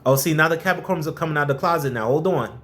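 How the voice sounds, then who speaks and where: High-pitched guy hosting a live stream, chatty, blunt tough-love advice, shouting out viewers. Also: very fast. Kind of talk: casual live-stream chat.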